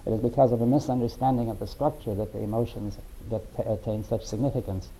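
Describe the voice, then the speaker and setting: A man in a philosophical discussion, talking haltingly and often checking in with "right?" and "you see". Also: fairly low pitch, steady tone, warm tone, a little hiss or hum, low-quality recording. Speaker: discussion participant.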